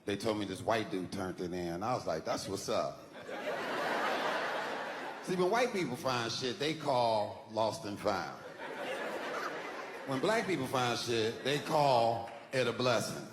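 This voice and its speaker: Male stand-up, low voice, laid-back, loud noisy reverberant room. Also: animated, a little slow, long pauses. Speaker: stand-up comedian. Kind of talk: stand-up comedy. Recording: club stage, reverb and loud noise.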